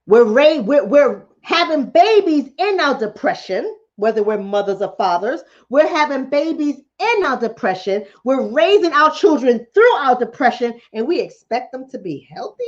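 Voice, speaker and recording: A woman's voice: high voice, sing-song, moderate pace, few pauses, highs cut off. A woman hosting a live stream as a psychologist, talking bluntly and preachily to her chat and hammering points home through repetition. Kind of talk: casual live-stream talk answering chat.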